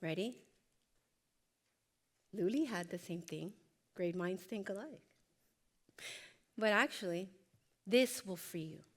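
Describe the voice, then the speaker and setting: A woman's voice: medium pitch, slow, long pauses. A woman presenting a workshop, speaking emphatically and directly to her audience as she coaches them. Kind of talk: motivational workshop talk.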